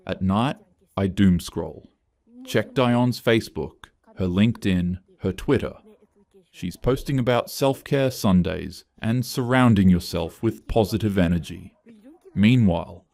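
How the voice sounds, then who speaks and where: A man's voice: deep voice, a little mellow. A man narrating a first-person story in a tense, confessional way.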